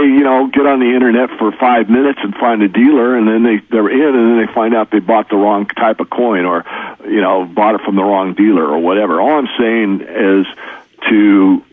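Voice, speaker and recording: A man's voice: medium pitch, slightly rough, dry recording. A man talking as an interview guest in a casual, earnest, folksy way, repeating his practical points. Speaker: precious metals educator, guest. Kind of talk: casual explanatory interview talk. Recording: tinny phone line.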